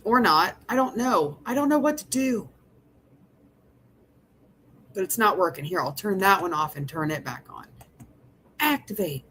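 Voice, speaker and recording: A woman's voice: mid-range voice, big pitch swings, slow pace, long pauses, bright, forceful tone, a little hiss or hum. A young woman hosting a casual livestream, chatting with her viewers, laughing often and swearing as she rambles. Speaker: livestream host.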